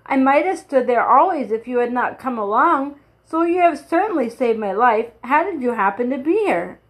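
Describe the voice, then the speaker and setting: A sorrowful, very polite man made of tin, read by a woman in her own fairly high voice. He speaks slowly and earnestly, with grateful courtesy. The telling is plain storybook reading. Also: animated, rough recording.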